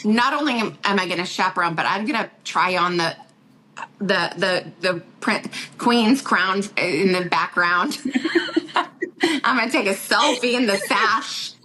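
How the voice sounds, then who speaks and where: Middle-aged woman, podcast guest, lively and laughing, light background noise. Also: mid-range voice, measured pace, low-quality recording. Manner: laughing, animated storytelling with quoted voices. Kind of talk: casual chat.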